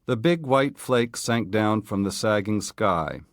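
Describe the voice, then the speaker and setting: A man narrating a literary short story in a steady, measured reading. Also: fairly low pitch, no echo, studio quality. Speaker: audiobook reader.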